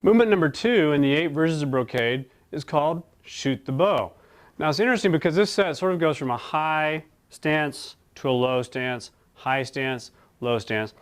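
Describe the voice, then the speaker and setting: A man teaching a qigong exercise set, giving calm, slow cues for breathing and movement. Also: on the high side. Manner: calm, slow guiding cues with long pauses. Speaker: qigong instructor. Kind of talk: guided exercise instruction.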